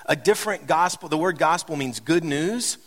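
A man's voice: on the high side, moderate pace, fairly bright tone. A middle-aged man preaching a sermon as a pastor, conversational with light joking asides, building to impassioned emphasis. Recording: reverberant hall.

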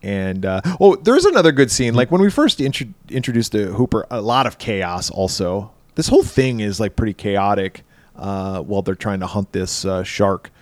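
A man's voice: lowish voice, moderate pace, no echo. Laid-back man co-hosting a podcast. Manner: animated retelling of movie scenes, acts out lines, laughs often. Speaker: podcast co-host. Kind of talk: casual chat.

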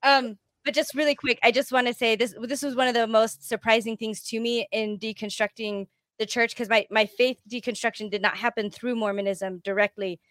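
A woman's voice: fairly high pitch, fairly even intonation, brisk, a bit bright, dry recording. Candid woman in a dry, close recording. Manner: candid, reflective, searching for words. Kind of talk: casual podcast discussion.

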